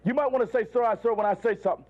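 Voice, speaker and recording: A man working as a drill instructor, shouting clipped orders at new recruits. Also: extremely high pitch, very fast, dry recording, narrow, tinny audio. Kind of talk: barked military commands.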